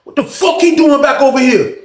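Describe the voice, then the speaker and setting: A man putting on an angry older inmate who bellows his lines, voice pushed up high and strained. He curses without letup, raw and confrontational, in an echoey room. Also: expressive, a little fast. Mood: furious. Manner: shouting, cursing.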